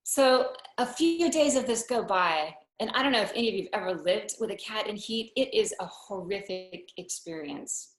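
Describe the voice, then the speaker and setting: A woman telling a personal story live on stage, unhurried and wry, with deadpan asides. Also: medium pitch. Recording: roomy hall echo.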